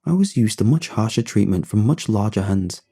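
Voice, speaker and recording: A man narrating a first-person horror story in a measured, subdued reading. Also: on the low side, lively intonation, mellow, husky.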